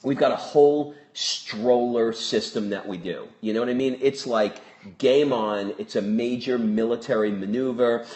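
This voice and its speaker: A man's voice: medium pitch, moderate pace, a little mellow. A man co-hosting a podcast live, chatting casually, repeating himself and restarting sentences. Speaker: podcast co-host. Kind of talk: casual live-stream chat. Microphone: live phone stream.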